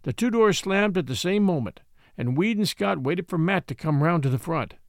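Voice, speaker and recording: An audiobook narrator, a man with an expressive, gravelly storytelling voice, reads scripted narration from a classic novel. His pitch is high and his pace moderate. The recording is clean studio sound with no room tone.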